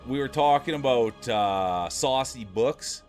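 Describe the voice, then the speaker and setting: A man's voice: medium pitch, lively intonation, takes it slowly, darkish tone, faint music behind. A man livestreaming, talking casually and playfully with his chat, laughing often.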